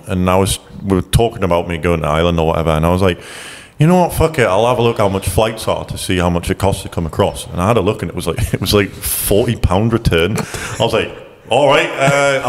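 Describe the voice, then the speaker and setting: A man chatting on a podcast as a guest, cursing freely and laughing while he tells stories. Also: sits low. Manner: swears a lot, laughs while telling stories. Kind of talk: casual chat. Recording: long hall reverb.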